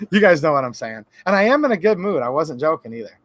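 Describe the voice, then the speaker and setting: A man's voice: a little high, big pitch swings, quick pace, a bit bright, dry recording. A man hosting a live Q&A stream, ranting heatedly and sarcastically, sometimes mocking the voices of others.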